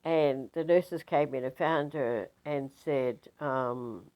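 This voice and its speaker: An older woman, a spiritual teacher telling a story casually in a rambling, animated way with many fillers. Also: rumbling low, takes it slowly, rough recording.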